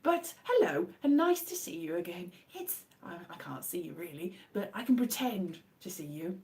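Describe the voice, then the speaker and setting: A woman, hoarse from a cold and sore throat, chatting in a rambling, self-deprecating way on a casual live stream from home. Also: fairly low pitch, sing-song, normal speed, darkish tone. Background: her own faint guitar strumming.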